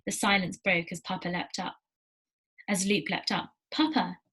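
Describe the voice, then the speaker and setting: Teacher lady reading a novel to the class, lowish voice, steady, trips on a word now and then. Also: moderate pace, breathy edge, poor audio. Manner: steady storytelling with small slips and restarts.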